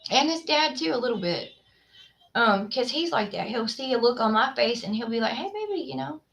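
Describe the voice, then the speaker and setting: A woman hosts a casual livestream, rambling through stories with plenty of ums and likes. Her voice is bright and a little high. She chats easily with her viewers. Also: normal speed. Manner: chatty, rambling, many fillers. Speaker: livestream host. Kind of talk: casual chat with live viewers.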